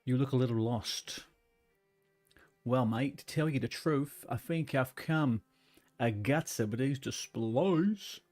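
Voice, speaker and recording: A slangy, matey museum worker with a mock Australian accent, as a man reads him out in a game. He drags his words out slowly, with a middling pitch. Faint music plays behind. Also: darkish tone, natural voice. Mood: chummy. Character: rough-spoken Aussie male museum worker.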